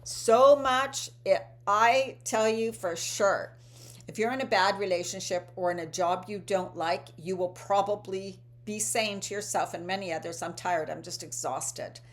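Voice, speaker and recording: A woman in her fifties speaks as a wellness coach in an earnest, encouraging way, circling back with "right?" after her points. Her pitch sits in the middle for a woman. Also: steady tone, measured pace. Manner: earnest, repetitive, asks "right?" often. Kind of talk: motivational talk to camera.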